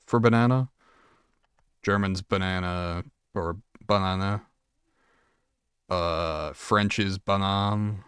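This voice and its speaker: A man's voice: lowish voice, fairly bright tone, clean tone, dry recording, studio quality. A man chatting casually on a live stream, reading chat aloud and answering with swearing and laughter.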